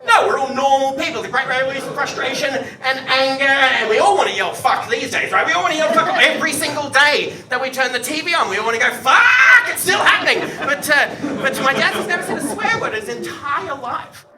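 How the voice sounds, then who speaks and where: A man doing a stand-up routine, animated and swearing freely, with loud outbursts before a live audience. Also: extremely high pitch, quick pace, hardly any pauses. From Australia. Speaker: stand-up comedian. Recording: echoey live venue from far off. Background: audience laughter and crowd noise.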